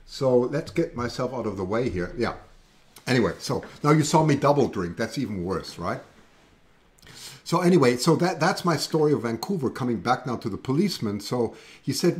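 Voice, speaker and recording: A man's voice: mid-range voice, animated, brisk. Chatty German man hosting a livestream. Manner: chatty and rambling, reading out viewer comments. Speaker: livestream host. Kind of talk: casual livestream chat.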